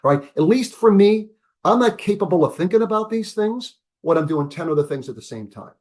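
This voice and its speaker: A man in his seventies, a business school professor, giving an emphatic, energetic lecture-style talk over a video call, repeating key words and asking rhetorical questions. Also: high-pitched, fairly quick.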